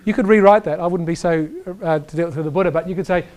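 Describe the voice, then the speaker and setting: A man giving an energetic chiropractic lecture, emphatic and animated, often checking in with "right?". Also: on the high side, quick pace. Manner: reads quotes aloud to the audience.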